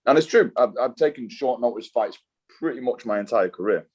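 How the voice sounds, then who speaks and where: A man's voice: mid-range voice, brisk, a little mellow. A young British man, a fighter, talking in a laid-back, slangy way as an interview guest, swearing and saying "dude" a lot. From Britain. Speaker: guest, mixed martial arts fighter. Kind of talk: casual interview chat.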